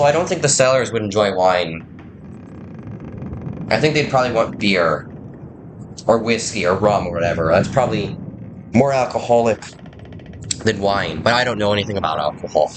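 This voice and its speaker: Low-voiced man rambling through a game. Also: background noise. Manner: rambling, self-deprecating. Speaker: game player. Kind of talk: let's play narration, reading and commenting.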